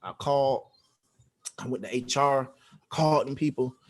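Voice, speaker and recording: Speaking at normal speed in a mid-range voice, a man guesting on a podcast relates a story casually. He's animated, voicing the quoted dialogue himself and leaning hard on slang and profanity.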